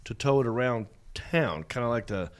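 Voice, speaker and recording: Man, hoarse scratchy throat, comedy host, rambling jokey chat, middling pitch. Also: animated, moderate pace. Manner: joking, rambling storyteller. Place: studio set with a small crew.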